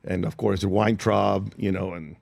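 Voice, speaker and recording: This older actor, speaking a little slowly in a lowish voice with vocal fry, shares animated stories as a guest on a studio talk show. Voicing each character he quotes, he keeps the interview storytelling lively, and the recording is dry.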